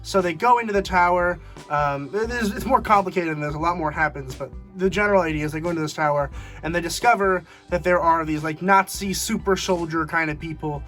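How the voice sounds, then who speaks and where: A man's voice: a little high, a little fast, fairly bright tone, faint music behind. A young man giving a casual spoken movie review, rambling with many fillers and restarts.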